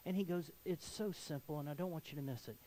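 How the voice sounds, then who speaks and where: A man preaching to his congregation in a slightly high voice. He moves from soft, confiding appeals to emphatic exhortation, pressing every point home. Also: fast talker, slight background noise, low-quality recording. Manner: earnest, rising to emphatic exhortation. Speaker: pastor. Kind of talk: sermon.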